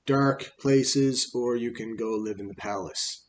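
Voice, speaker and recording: Man doing a sly mischief goddess mother in a storybook fable, slow and offhand. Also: mid-range voice, slight background noise, lightly acted. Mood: coaxing.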